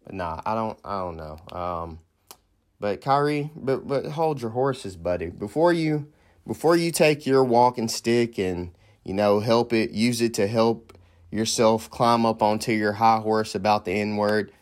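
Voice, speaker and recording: A man's voice: on the low side, measured pace. A man hosting a podcast in casual comedic commentary, joking and rambling with slangy asides. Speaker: podcast host.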